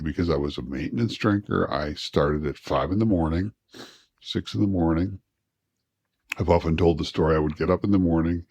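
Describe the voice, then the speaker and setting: A man with a very deep voice talks openly as an interview guest. His speech is reflective and halting, with frequent restarts. The recording is dry and close, with no room sound. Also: no room sound. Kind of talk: candid personal interview.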